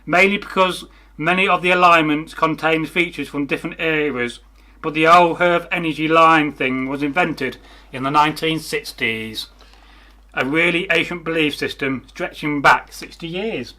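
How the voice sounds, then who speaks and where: Bloke co-hosting a comments chat, slightly high bright voice, dry jokey digs. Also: male voice, moderate pace. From England. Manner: dry, mocking humour. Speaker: co-host. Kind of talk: casual comment-reading chat.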